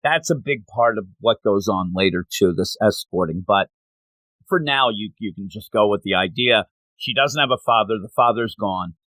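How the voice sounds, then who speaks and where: A man's voice: lowish voice, moderate pace, no echo. Man animatedly retelling a manga plot. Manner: animated retelling, acting out characters' lines; emotionally invested. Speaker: manga review show co-host. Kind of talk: casual review chat.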